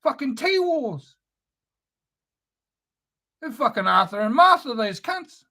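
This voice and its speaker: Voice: high voice, big pitch swings, slow pace, vocal fry, sharp tone. A speaker delivering an angry, profane, sneering spoken-word rant.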